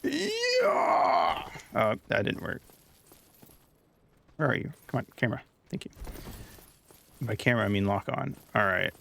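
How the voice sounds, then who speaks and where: A man streaming a video game, taunting enemies with profane, slow-paced commentary. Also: fairly low pitch, creaky, fairly bright tone, a little hiss or hum. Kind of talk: casual gaming commentary.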